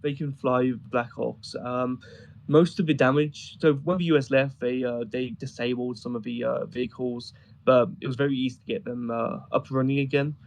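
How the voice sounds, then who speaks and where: A man's voice: mid-range voice, flat delivery, normal speed, creaky, rough recording. A man talking casually as a guest, telling rambling, amused stories with many fillers. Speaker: guest describing travels in Afghanistan. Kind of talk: casual conversation on a voice chat.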